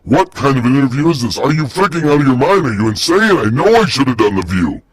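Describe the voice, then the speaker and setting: A man voicing an irritable middle-aged ex-Area-51 scientist who sounds gruff and exasperated and keeps repeating himself. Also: mid-range voice, very animated, fast talker, no room sound, pitched above the performer's own voice. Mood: irritated.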